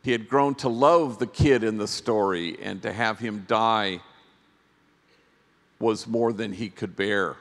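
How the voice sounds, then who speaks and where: A priest giving a workshop talk at a conference, telling stories in a gentle, reflective way with pauses. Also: male voice, fairly low pitch. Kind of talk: storytelling keynote talk. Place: large conference hall. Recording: long hall reverb.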